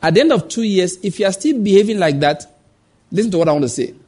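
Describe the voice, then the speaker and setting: Male pastor, higher-pitched husky voice, preaching to a congregation with rhetorical questions and acted-out voices in his stories. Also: lively intonation, fast, darkish tone. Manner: acts out quoted voices. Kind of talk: sermon.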